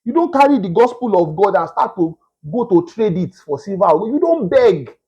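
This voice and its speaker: A man preaching a sermon, emphatic and repetitive, with a husky voice. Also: sits high, very animated, moderate pace, dark tone, lo-fi sound. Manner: emphatic, repetitive, mimics beggars in a whiny voice.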